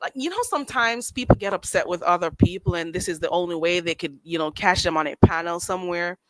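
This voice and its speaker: A woman hosting a livestream, chatting in a sassy, animated way and laughing often. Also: lowish voice, fast, no echo. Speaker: livestream host. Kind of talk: casual commentary chat.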